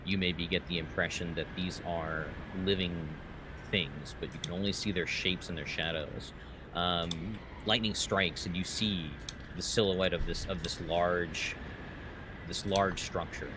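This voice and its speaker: A man running a tabletop game as game master, narrating scenes slowly with fillers. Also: low-pitched, fairly even intonation. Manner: slow descriptive narration with fillers. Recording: clear background noise.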